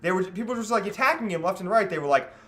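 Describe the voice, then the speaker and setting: A man's voice: sits high, lively intonation, very fast, a bit bright. A man co-hosting a casual podcast, rambling with lots of fillers and laughing often. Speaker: podcast co-host. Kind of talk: casual chat.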